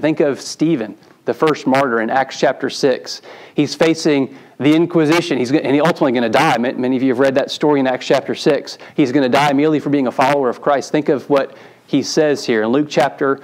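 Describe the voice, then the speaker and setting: A man's voice: medium pitch, brisk, rough recording. A male pastor, preaching a sermon in a conversational way with restarts and emphatic repetition. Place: church sanctuary.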